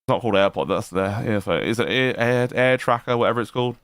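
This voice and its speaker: Man streaming reaction commentary, crude and mocking, smooth resonant voice, dry close-miked sound with no room at all. He talks loosely, full of "like" and laughter, and often jeers at whoever he is discussing. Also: lowish voice, fast talker, fairly bright tone, no room sound. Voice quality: mocking, profane, frequent laughs and fillers.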